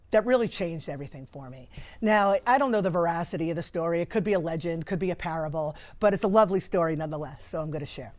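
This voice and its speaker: A middle-aged woman hosting a spiritual podcast, talking in a conversational, enthusiastic and heartfelt way. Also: lowish voice. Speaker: podcast host. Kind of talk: casual spiritual podcast monologue.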